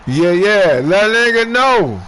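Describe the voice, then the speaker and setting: An older man from Brooklyn with a New York accent, chatting casually and telling animated, slang-heavy stories while he plays a video game. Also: sits high, a little slow. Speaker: gamer streaming online play. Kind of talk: casual chat while gaming.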